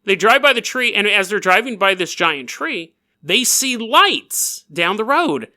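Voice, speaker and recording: A bright-voiced man hosts a podcast, spinning a strange tale with a lively, swooping delivery. He giggles through his lines and keeps wandering off on jokey tangents. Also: high voice, measured pace. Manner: riffs and goes off on tangents. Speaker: podcast host. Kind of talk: comedic storytelling narration.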